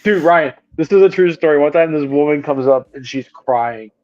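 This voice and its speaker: A man's voice: fairly high pitch, a little fast, mellow, lo-fi sound. A man co-hosting a casual movie podcast, cracking crude jokes and telling funny family stories. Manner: joking storyteller, crude banter. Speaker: podcast co-host. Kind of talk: casual movie-review chat.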